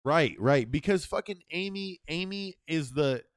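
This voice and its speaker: A man's voice: a little high, lively intonation, measured pace, no room sound, studio quality. A man co-hosting a casual podcast chat, loose and profane, steering the talk with a slightly tired throat. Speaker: podcast co-host.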